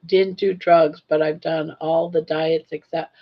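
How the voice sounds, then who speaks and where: A woman's voice: deep voice, flat delivery, unhurried, hardly any pauses, highs cut off. An older woman hosting a casual livestream, telling stories in a chatty way and laughing often. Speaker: livestream host. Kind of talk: casual chat.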